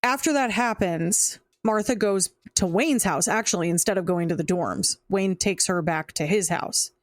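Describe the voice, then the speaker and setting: A woman's voice: medium pitch, normal speed, dry recording, studio quality. A woman co-hosting a podcast, chatting casually and animatedly, often laughing and acting out quotes. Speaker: podcast co-host. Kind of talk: casual chat.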